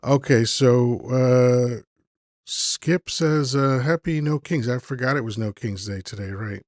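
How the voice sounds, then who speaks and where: A man in an easygoing live host's chat, wandering from thought to thought with plenty of ums and restarts. His voice sits at an ordinary middle pitch. It is recorded dry and close, with no room sound around it. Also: measured pace, no room sound. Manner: rambling, easygoing, thinks aloud with many fillers. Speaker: host of a live call-in stream. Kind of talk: casual chat. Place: live online stream.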